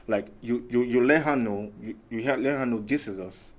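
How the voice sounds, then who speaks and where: A man's voice: medium pitch, moderate pace. A man, a guest on a casual talk show, speaking animatedly and acting out the lines he quotes. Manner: animated, acts out quoted lines, repeats himself. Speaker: guest panelist. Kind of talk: casual panel chat.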